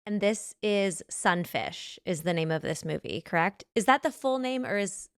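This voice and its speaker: A woman's voice: mid-range voice, expressive, normal speed, smooth, no echo, studio quality. Enthusiastic woman hosting a podcast chat. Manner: enthusiastic, gushing, asks leading questions. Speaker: podcast host, actress. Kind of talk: casual interview chat.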